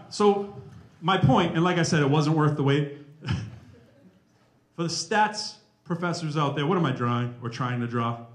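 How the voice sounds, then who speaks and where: A rapper who is also a math professor gives a lively, humorous talk to a college audience through a handheld mic. His slightly high voice is joking, animated and chatty, echoing around the campus hall.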